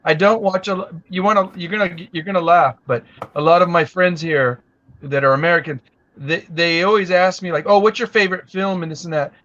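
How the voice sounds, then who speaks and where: Emphatic, talkative guy, fairly high voice, muffled dry lo-fi line. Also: brisk, pushed and bright. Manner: talkative, emphatic, occasional swearing. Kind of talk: casual live stream chat. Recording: dull, dry lo-fi audio.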